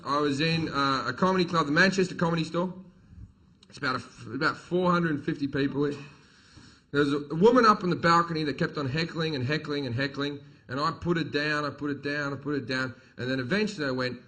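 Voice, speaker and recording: A brash man working a live crowd on stage, his voice bright and forceful and sitting a touch high. He talks bluntly and swears freely, as a stand-up comic does. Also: low-quality recording. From Australia. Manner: profane, blunt, swaggering delivery with acted quotes. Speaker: stand-up comedian. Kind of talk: stand-up comedy storytelling. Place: live comedy venue with audience.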